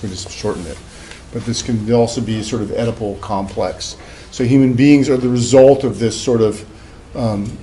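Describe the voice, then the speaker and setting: A man's voice: mid-range voice, mellow, a little hiss or hum, poor audio. A man giving a classroom lecture as a psychology professor, loose and conversational, with many fillers and asides.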